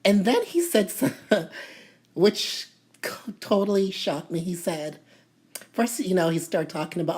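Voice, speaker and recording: A woman from Toronto telling a story to camera in a casual, animated way, full of "you know" fillers and indignation. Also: fairly low pitch, measured pace, husky. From Toronto, Canada. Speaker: vlogger.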